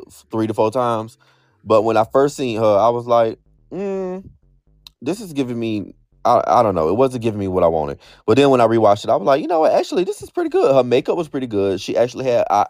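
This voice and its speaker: Lively low-voiced man recapping a show. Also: no room sound, clean studio sound. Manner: expressive, swears, acts out his own reactions. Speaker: podcast co-host. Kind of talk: casual reality-show recap chat.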